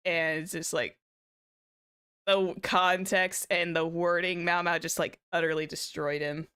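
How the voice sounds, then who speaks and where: A woman hosts a relaxed watchalong stream, talking to her chat in an easy, giggly way. Her voice is smooth and clear, and she takes her time. She often breaks into squealing laughter. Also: fairly low pitch, slow. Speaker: VTuber host of an anime watchalong. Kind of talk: casual stream chat reacting to anime.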